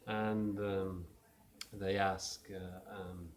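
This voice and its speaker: Slow, hesitant man telling a joke. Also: low voice, little pitch movement, background noise. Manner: hesitant, full of fillers. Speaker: professor. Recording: crowd chatter in background.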